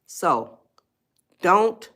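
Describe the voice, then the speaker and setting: A woman's voice: fairly low pitch, very animated, drawn-out words, fairly bright tone. A woman hosting a casual live stream, chatting with viewers and coaxing them to reply. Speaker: livestream host, life coach.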